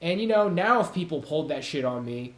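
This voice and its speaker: A man's voice: a little high, lively intonation, brisk, echoey room. A man hosting his own channel, talking casually and rambling, swearing often and laughing at his own jokes. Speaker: YouTube channel host. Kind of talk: casual monologue to camera. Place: home room with cats.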